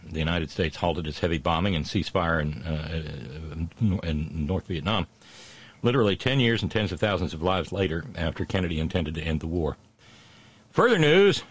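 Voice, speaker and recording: A middle-aged man hosting a satirical on-this-day history segment, full of puns and sarcastic asides, slowing down for his punchlines. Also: sits low, husky. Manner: punning asides and sarcastic jabs; slows down for punchlines. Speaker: host of a daily history segment.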